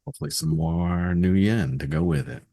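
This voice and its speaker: A laconic private detective, played by a man with a deep voice in a dry room. He keeps his replies clipped and businesslike. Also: sing-song, normal speed, vocal fry, dark tone, slightly rough, no echo, exaggerated voice. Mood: terse.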